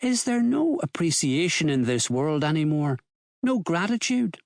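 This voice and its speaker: A man voicing a cocky, teasing thief who mocks his enemy with put-on posh airs, his voice riding high and playful. A sly audiobook rogue, recorded dry and close. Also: very animated, a little slow, gravelly, no echo, full character voice. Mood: mocking. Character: cocky middle-aged male thief, mocking.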